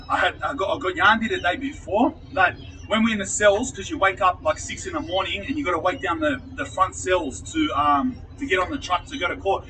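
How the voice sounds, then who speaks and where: A man's voice: high-pitched, sharp tone, far from the mic, slight background noise, low-quality recording. A man with an Australian accent casually telling a rambling story, swearing and laughing at himself.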